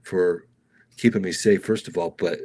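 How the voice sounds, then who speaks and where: A middle-aged man with a very deep voice tells his stunt stories in a loose, casual interview. He gets animated and raises his voice to act out other people, and he keeps calling the host "dude". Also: normal speed. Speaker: stuntman guest.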